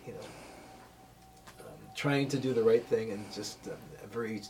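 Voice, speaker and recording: An older man recalls a memory slowly, pausing often and circling back over his words. His voice sits a little low, and he is picked up from a distance with faint noise in the room. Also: darkish tone. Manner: hesitant, many fillers and restarts. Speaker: group discussion participant. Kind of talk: casual personal storytelling.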